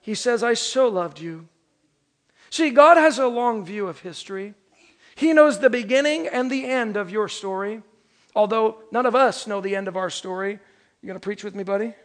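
A man with a very high speaking voice delivers a Christmas sermon. He moves from a lively joke story into earnest preaching, slowing down and leaning on key phrases for emphasis. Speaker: pastor.

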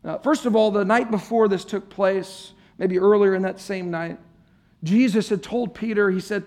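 A pastor with a high, darkish voice and fairly even intonation speaks at normal speed. He preaches a sermon to his congregation during a church service, keeping it conversational and playful as he jokes with listeners.

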